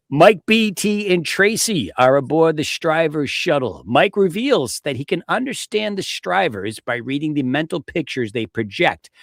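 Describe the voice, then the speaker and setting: A man's voice: mid-range voice, fairly bright tone, no echo, studio quality. Rambling, swearing middle-aged man. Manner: rambling, profane, self-deprecating. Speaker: podcast host. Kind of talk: casual podcast chat. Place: home studio with a close mic.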